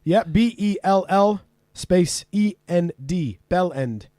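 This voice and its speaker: A man's voice: high-pitched, lively intonation, slow, mellow, dry recording, studio quality. A man co-hosting a casual podcast, quizzing his guest with laughs and plenty of swearing. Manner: laughing, swears freely, teasing quiz-master. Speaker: podcast co-host. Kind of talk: casual banter.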